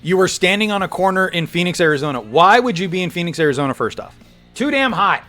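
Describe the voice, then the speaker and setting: Male streamer, casual and rowdy; bright, lively, high voice. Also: fast talker, faint music behind. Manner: animated, swears, laughs often, breaks into loud outbursts. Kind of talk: casual gaming stream chat.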